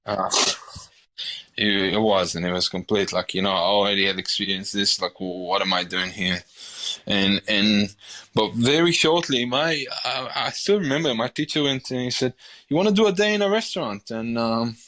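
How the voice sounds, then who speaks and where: A man in his forties with an Israeli accent, a chef telling his story in a casual interview, animated and often repeating words as he restarts. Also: lowish voice, normal speed. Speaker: chef, podcast guest.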